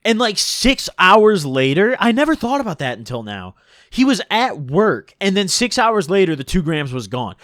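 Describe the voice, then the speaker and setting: A young man casually telling a long story, rambling and animated, full of "like" and "dude". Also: on the high side, no echo, studio quality.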